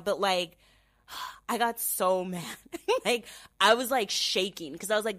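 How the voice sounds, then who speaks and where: A woman's voice: mid-range voice, moderate pace, dry recording. Chatty young woman, dry close sound. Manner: animated, filler-heavy storytelling, mimics her own inner voice. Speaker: podcast host. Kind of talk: casual storytelling chat.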